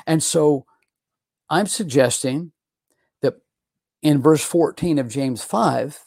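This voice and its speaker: A man's voice: on the high side, slow pace, vocal fry, a little mellow, no room sound, studio quality. A middle-aged man, a pastor, teaching a Bible lesson in a conversational way, often repeating and restarting words. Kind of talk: sermon-style Bible teaching.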